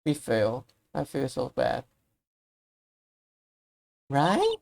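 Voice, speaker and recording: A woman's voice: rumbling low, wildly swooping pitch, drawn-out words, gravelly. A woman streaming a game, chatting casually and hesitantly as she thinks aloud. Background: loud game music.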